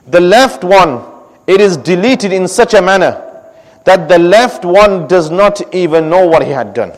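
A man preaching a sermon, telling a story earnestly and breaking into rapid recited scripture. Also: high voice. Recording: long hall reverb.

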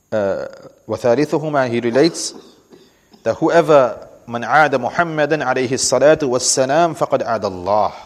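A man teaching scripture in a weekly class, speaking with emphasis, repeating key words and often checking in with "right?". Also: mid-range voice. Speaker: religious teacher. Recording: long echoing reverb of a hall.

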